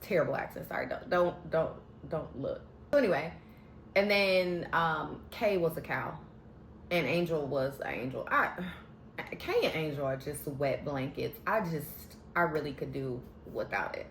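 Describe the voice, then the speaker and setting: A woman's voice: sits low, normal speed, a little hiss or hum. A woman recapping a reality show in a casual, sassy, slangy way, giving candid opinions. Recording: echoey room.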